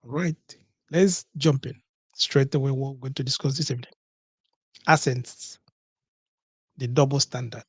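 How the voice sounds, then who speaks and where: A man's voice: medium pitch, fairly even intonation, a little slow, long pauses, slightly rough, no echo. A man hosting a call-in talk show, talking emphatically, repeating key words and asking rhetorical questions. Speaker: podcast host.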